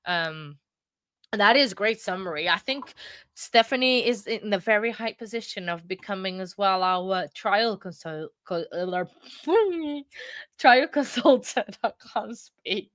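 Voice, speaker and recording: In clean studio sound with no echo, a woman speaks slowly but animatedly, her mid-range voice a little bright. As host of a casual live chat, she rambles, interrupts herself, starts over a lot, and yawns as though tired.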